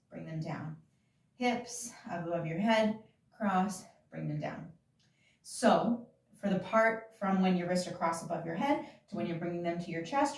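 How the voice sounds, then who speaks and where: A woman's voice: on the low side, distant mic. Woman dance instructor, casual and chatty, counts beats aloud, recorded off-mic in a very echoey room.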